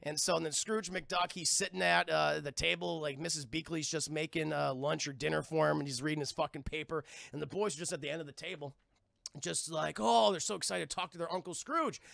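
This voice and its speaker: A man's voice: on the high side, steady tone, fairly quick, gravelly, a bit bright. A man casually recapping a cartoon on a live stream, rambling, swearing and talking to his chat. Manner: profane, rambling, addresses chat.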